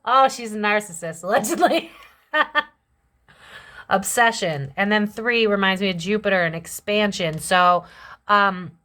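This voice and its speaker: A woman's voice: medium pitch, a little slow, sharp tone. Young woman, tarot reader, chatty and blunt delivery, casual slang, mid-range voice. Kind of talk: casual tarot reading to camera.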